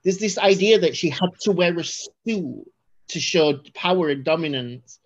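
Speaking with a fairly low pitch at a measured pace, a woman co-hosts a podcast and discusses a film in loose, rambling conversation. She often restarts sentences and becomes animated, and the recording sounds slightly dull and lo-fi.

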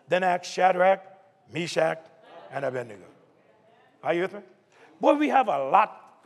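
A man preaching a sermon, calling out to the congregation and building up to shouts. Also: high voice, gravelly. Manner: call-and-response preaching, rising to shouts. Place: church sanctuary. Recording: long hall reverb.

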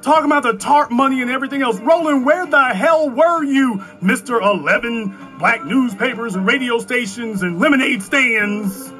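High, bright-voiced ranting male commentator. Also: moderate pace, hardly any pauses, soft background music. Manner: fiery, ranting, rhetorical questions. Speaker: political commentator. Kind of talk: heated political commentary.

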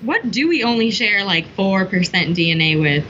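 A woman in casual chat, animated and exclamatory, cursing freely. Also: mid-range voice, normal speed. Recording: dull recording with faint hiss.

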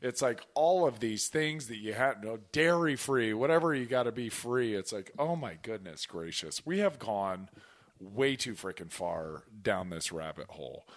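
A man hosting a podcast in casual chat, talking in an animated, rambling way and swearing casually. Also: lowish voice, normal speed. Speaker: podcast host.

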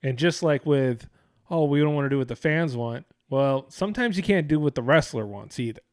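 A man's voice: mid-range voice, lively intonation, fairly quick, dry recording, clean studio sound. A man co-hosting a casual chat, rambling and profane, often restarting his sentences.

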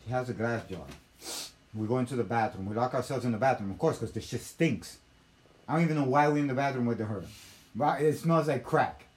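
A young man, host of a talk show, telling a story in a casual, animated, profane way. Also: mid-range voice, a little fast.

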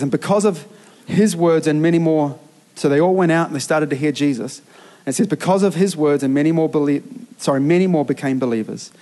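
A man's voice: fairly high pitch, darkish tone. A middle-aged man, preaching a sermon as a youth pastor, earnest and emphatic with frequent restarts.

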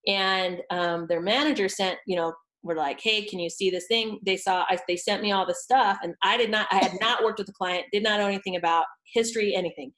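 A woman voice coach chatting on a podcast, telling lively stories and acting out what she said to clients. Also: mid-range voice, a little fast, hardly any pauses, low-quality recording. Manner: animated storyteller, acts out quotes. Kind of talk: casual podcast chat.

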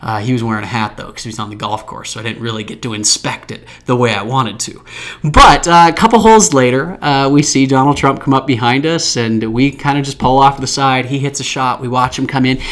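A man in his thirties or older from Utah, hosting a podcast and telling an anecdote in a chatty, animated way. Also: medium pitch, brisk. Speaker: podcast host. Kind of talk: storytelling anecdote.

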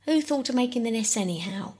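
A smug young boy who argues every point and scolds his sisters, voiced by a woman reading a storybook. His tone is firm and self-satisfied, with a gravelly fry beneath it. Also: medium pitch, lively intonation, normal speed, in a large hall. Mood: arguing. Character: boastful, argumentative young boy.

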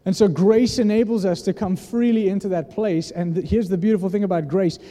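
A man's voice: high voice, fairly even intonation, brisk, warm tone. A man preaching a sermon in an earnest, conversational way, often restarting his sentences. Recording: long hall reverb.

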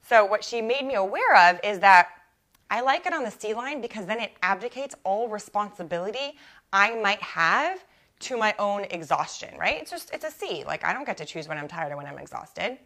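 A bright-toned young adult woman talks through a coaching lesson in a loose, conversational way. She is animated and chatty, sprinkles in "like," and corrects herself mid-sentence as she goes. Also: mid-range voice, normal speed. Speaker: life coach and podcast host. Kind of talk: casual solo podcast teaching.

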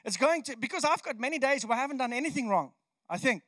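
A man preaching a sermon in a conversational, animated way, often restarting his sentences. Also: extremely high pitch, quick pace, no echo. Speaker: pastor.

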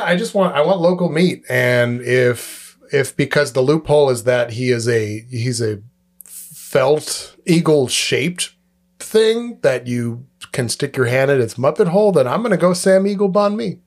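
Male podcast co-host, lively pitch, casual, laughs a lot, acts out voices. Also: unhurried. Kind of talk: casual chat.

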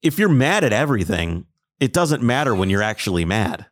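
Lively man telling a road story. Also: a little fast. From Minnesota. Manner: animated, acts out voices in his stories, pitch jumps way up for punchlines. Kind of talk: casual storytelling chat.

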